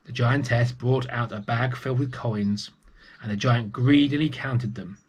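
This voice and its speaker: Husky-voiced man reading a storybook. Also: mid-range voice. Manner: gentle and unhurried, with small restarts. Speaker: storyteller for young children. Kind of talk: reading a picture book aloud.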